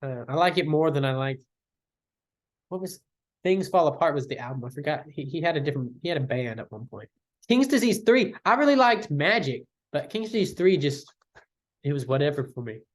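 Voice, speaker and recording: A man's voice: mid-range voice, fairly quick, darkish tone. A young man ranking his favorite albums in casual chat, enthusiastic and rambling, slangy and full of fillers.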